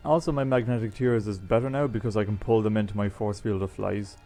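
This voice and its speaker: A man's voice: on the low side, fairly even intonation, fast talker, mellow, faint music behind. A man chatting casually as he plays a video game, rambling and explaining the items. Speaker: gaming YouTuber. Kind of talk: casual let's-play commentary.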